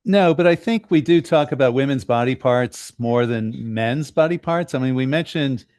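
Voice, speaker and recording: A man co-hosting a podcast answers in short, measured remarks. His voice sits at an average pitch, and the recording is dry and close. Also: darkish tone, no echo. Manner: measured, brief interjections. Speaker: podcast co-host. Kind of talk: casual conversation.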